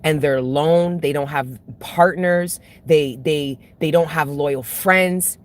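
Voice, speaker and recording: Low-pitched and slow, the tarot channel host vents to her audience in a casual, blunt way full of heavy swearing. Her frustration keeps swelling into emotional outbursts.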